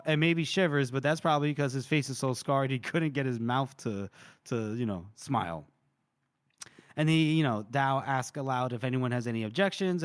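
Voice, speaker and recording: A man's voice: medium pitch, clear, resonant tone, dry recording. Dry, close man recapping a book. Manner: animated retelling, many fillers. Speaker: podcast co-host. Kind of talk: casual book-recap chat.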